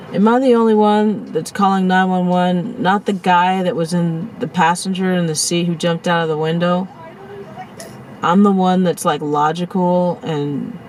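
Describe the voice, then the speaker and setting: Woman, vlogger, in shock, profane, animated retelling, phone camera outdoors, faint background noise. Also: fairly low pitch, low-quality recording. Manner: profane, animated, rants and acts out quotes. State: shaken, in shock. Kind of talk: casual storytelling vlog. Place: outdoors near a parking lot by the beach.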